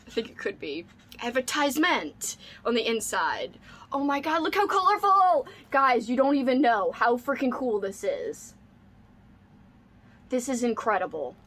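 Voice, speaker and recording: A woman's voice: a little high, big pitch swings, unhurried, a bit bright. A young woman book vlogger unboxing mail in casual chat, gushing and squealing with delight, saying "like" and "oh my god" often.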